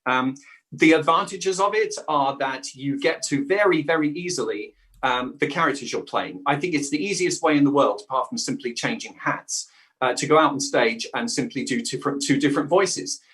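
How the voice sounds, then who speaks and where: Chatty South London man, halting. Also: mid-range voice, fairly bright tone. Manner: talkative and hesitant, restarts sentences with many fillers. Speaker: guest, improv actor and voice-over artist. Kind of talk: casual interview chat.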